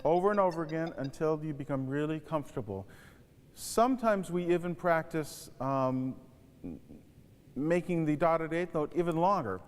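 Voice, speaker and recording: A man's voice: on the high side, normal speed, smooth, faint music behind. A man teaching saxophone, earnestly advising students and singing rhythms aloud to demonstrate them. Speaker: saxophone instructor. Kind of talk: music lesson tutorial. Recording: reverberant room.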